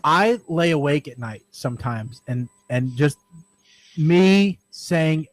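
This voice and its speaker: A man's voice: on the high side, lively intonation, slow, low-quality recording. A man in his forties co-hosting a casual radio show, telling a childhood story in a rambling, self-deprecating way. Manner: rambling, self-deprecating, frequent "all right". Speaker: podcast co-host.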